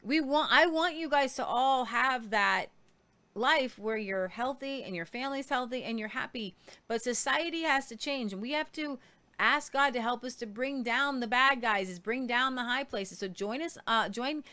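A woman's voice: on the high side, normal speed, sharp tone. A woman hosting a casual news show, earnest and a little preachy, stumbling over foreign names. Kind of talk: casual news commentary with faith talk.

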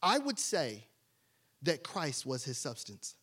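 Animated, slow-preaching male pastor. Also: fairly high pitch. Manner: rhetorical questions to the congregation, dramatic drops to a hush. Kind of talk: sermon.

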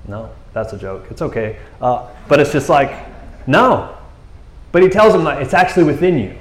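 A man preaching a conversational sermon, reading scripture and breaking into animated, joking asides. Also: on the high side, moderate pace, roomy sound.

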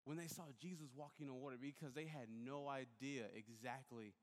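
A young man giving a sermon, telling a lively personal story and acting out the voices of the people in it. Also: mid-range voice, brisk. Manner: animated storyteller, acts out voices and shouts. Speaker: youth pastor. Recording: long hall reverb.

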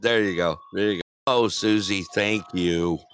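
A man's voice: low voice, measured pace, a bit bright, slight background noise. A man hosting a casual talk show, upbeat, greeting callers and laughing often. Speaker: host. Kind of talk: casual talk radio chat.

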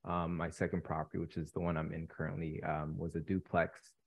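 A young man in his twenties from Canada, a guest telling his story in a relaxed interview with many ums. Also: rumbling low, a little fast, husky. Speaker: podcast guest, real estate investor. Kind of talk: casual interview chat.

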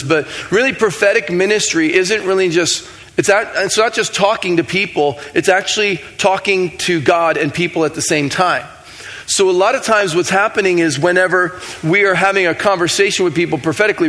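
Guy preaching a laid-back sermon, kinda high voice, chatty and jokey, acts out the back-and-forth. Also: fairly bright tone. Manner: conversational, self-mocking, acts out dialogue. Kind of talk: sermon with storytelling.

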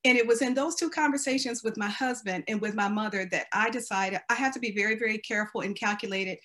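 A middle-aged American woman tells her own story of getting through cancer. She speaks earnestly and with conviction, her faith running through every line, in a voice of everyday pitch. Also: fast talker, fairly bright tone. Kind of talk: personal testimony.

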